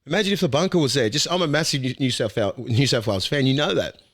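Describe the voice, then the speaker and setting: A man's voice: mid-range voice, quick pace. Blunt, sweary Australian man. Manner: blunt, animated, swears freely. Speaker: podcast host, former rugby league player. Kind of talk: casual sports chat.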